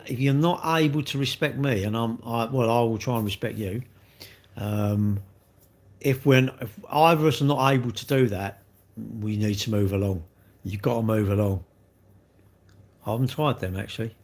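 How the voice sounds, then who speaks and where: An English man chatting on a live stream, rambling and blunt as he answers viewers in a slangy way. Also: medium pitch.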